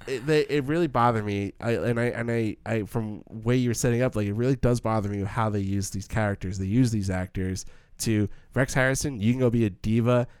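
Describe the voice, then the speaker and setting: A young man chats about a film, rambling and cutting himself off midway through his thoughts. His voice is lowish and smooth. The recording is dry and close. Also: steady tone, brisk, darkish tone, no room sound. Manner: rambling, self-interrupting rants. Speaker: podcast co-host. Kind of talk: casual film discussion.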